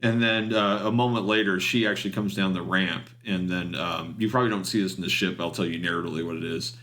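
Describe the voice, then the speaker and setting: Low-voiced guy running the game, lots of ums and restarts. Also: steady tone, fast talker, fairly bright tone. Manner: hesitant, full of ums and restarts. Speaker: game master. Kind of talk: narrating a tabletop game.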